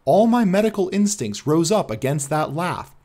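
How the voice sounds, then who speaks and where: A man narrating a classic detective story as an audiobook in an expressive storytelling manner. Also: fairly high pitch, moderate pace.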